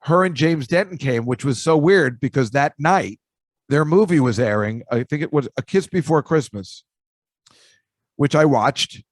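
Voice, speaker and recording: A man's voice: a little high, lively intonation, unhurried, no echo. A man hosting a podcast, telling rambling, jokey stories in a casual chat. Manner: rambling, chatty, jokey asides. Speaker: podcast host. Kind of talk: casual storytelling monologue.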